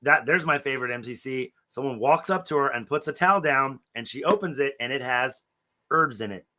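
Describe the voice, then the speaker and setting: Bright-voiced man ranting casually. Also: medium pitch, a little fast. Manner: ranting, swears a lot. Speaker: podcast co-host. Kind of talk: casual profane chat.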